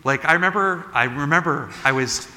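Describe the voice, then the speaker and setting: A man, a pastor, giving a conversational sermon, animated as he retells a story, with frequent asides like "right?". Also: fairly high pitch, brisk, long reverb tail. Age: adult.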